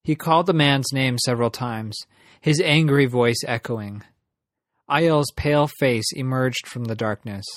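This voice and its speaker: A man narrating a story in an even, measured reading. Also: mid-range voice, no room sound, studio quality. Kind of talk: audiobook narration.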